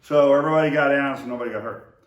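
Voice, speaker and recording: A man tells loose, rambling stories with plenty of fillers and false starts. His voice sits at an ordinary middle pitch. It is recorded from a distance in an echoing room. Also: racing, lo-fi sound. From Oklahoma to Texas area. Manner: rambling, with many fillers and restarts. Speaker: storyteller remembering his brother. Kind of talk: casual spoken memories. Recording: roomy echo, voice far from the mic.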